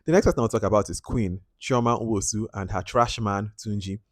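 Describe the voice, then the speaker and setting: A man with a Nigerian English accent reviews a film casually to camera, acting out lines and quotes with animation and slipping into pidgin. His voice is lowish and brisk, recorded in a clean studio with no echo.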